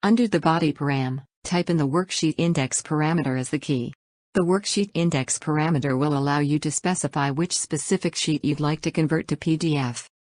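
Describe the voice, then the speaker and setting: In a low-pitched voice that moves a little fast, a woman narrates a scripted software tutorial. She reads each step evenly and instructively, spelling out acronyms letter by letter, and the recording is dry.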